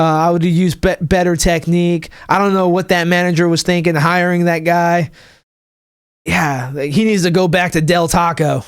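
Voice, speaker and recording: A young male comic rambles through a casual podcast rant, his voice sitting fairly high. He restarts sentences constantly, swears freely, and jumps his pitch up whenever he acts out what other people said. The close mic sounds dry, with almost no room in it. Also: clear, resonant tone, dry recording. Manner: acts out people's quotes in a higher voice. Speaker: podcast host; stand-up comic. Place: home room, livestreaming.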